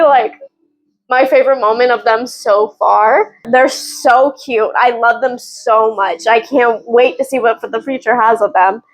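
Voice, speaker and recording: A woman giving casual, excitable reading updates as a book vlogger, gushing and often giggling. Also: high-pitched, rough recording.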